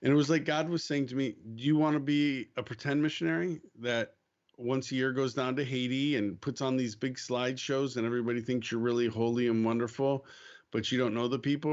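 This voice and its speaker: A man's voice: medium pitch, a little fast. American guy telling a story casual, does the voices, bit of a dull lo-fi sound. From United States. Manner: animated storyteller, acts out quotes, laughs easily. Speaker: podcast guest, missionary.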